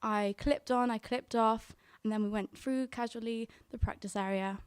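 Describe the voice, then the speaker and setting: Young female storyteller, bright higher pitch, dry close mic, earnest delivery. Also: steady tone, normal speed, clear, resonant tone, dry recording. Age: young adult. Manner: earnest, quotes her own thoughts aloud. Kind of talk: live storytelling.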